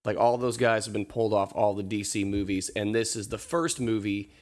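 A man in casual podcast chat, talking haltingly with many restarts. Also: lowish voice, darkish tone.

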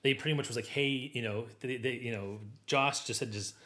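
A man's voice: medium pitch, fairly quick, fairly bright tone. A man chatting casually, rambling with many restarts and fillers. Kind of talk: casual chat.

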